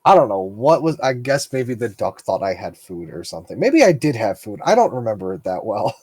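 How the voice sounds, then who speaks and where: A man's voice: fairly low pitch, sing-song, fairly quick, darkish tone, husky, dry recording. A young man co-hosting a podcast, telling a rambling story in casual chat and laughing often. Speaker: podcast co-host.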